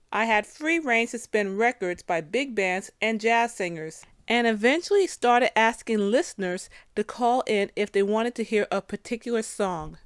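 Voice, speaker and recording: A woman's voice: medium pitch, no echo. Woman host narrating a music tribute. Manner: conversational, with some fillers and restarts. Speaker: show host.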